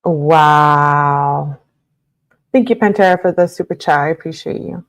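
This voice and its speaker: A woman's voice: low-pitched, measured pace. A woman streamer reacting with shocked exclamations to recordings she plays during a live stream. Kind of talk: casual live-stream commentary.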